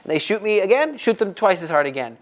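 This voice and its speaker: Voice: mid-range voice, sing-song, fast. A person from the United States in casual chat on a faith podcast, animatedly telling a story and acting out the quoted voices.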